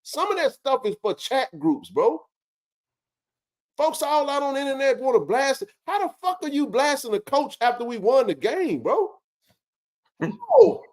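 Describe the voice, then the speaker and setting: High pitched guy venting hard on a sports talk show, swearing a lot. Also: very animated, normal speed. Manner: impassioned, ranting, swears freely.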